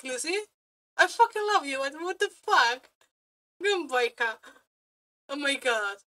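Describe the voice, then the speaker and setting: Bright, high-pitched excitable woman. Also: a little slow. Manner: excitable, swears a lot, laughs often, non-native phrasing. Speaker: streamer reacting to a video. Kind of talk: casual reaction commentary.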